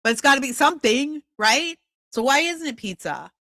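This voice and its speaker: A woman in her fifties hosting a podcast, giving impassioned, confrontational commentary that bursts into loud outbursts. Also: high-pitched, very animated, moderate pace, no room sound. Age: 50s. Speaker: podcast host.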